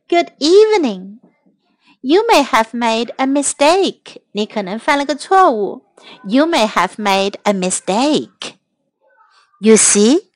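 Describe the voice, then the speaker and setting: A woman teacher reading a children's story aloud in two languages, clear and expressive. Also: on the high side, dry recording. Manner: clear, expressive, slow English then Chinese.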